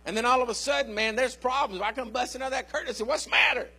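A man's voice: very high voice, very fast, vocal fry, bright, forceful tone, slightly rough, faint music behind. An older man, a pastor, preaching a sermon in a folksy storytelling way and calling out to his listeners.

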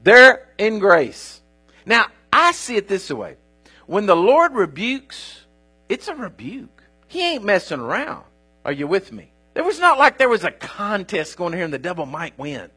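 A man's voice: sits high, wildly swooping pitch, moderate pace, sharp tone, husky, faint music behind. A man preaching a sermon in an emphatic way, often checking that his listeners are following him.

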